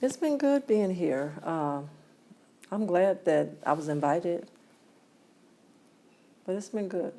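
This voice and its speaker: Low, gravelly woman. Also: lively intonation, takes it slowly, long pauses. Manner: storytelling, often quotes others and laughs softly. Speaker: guest, mother of a man killed in prison. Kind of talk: emotional interview.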